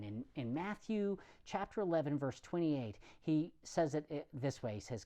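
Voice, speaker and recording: A man preaching a conversational sermon in a relaxed, plain-spoken way, with some self-deprecating humor. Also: fairly high pitch, a little slow, highs cut off.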